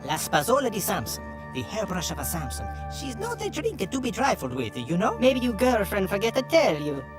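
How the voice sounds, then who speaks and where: An actor voicing excitable vegetable barber brothers, bickering and theatrical, with music behind. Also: male voice, sits high, a little fast. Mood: secretive. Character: two excitable vegetable barber brothers, middle-aged men. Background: background music.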